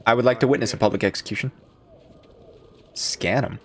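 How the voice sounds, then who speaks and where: A man's voice: medium pitch, fairly quick, husky. A young man doing playful, jokey let's play commentary as a gaming streamer.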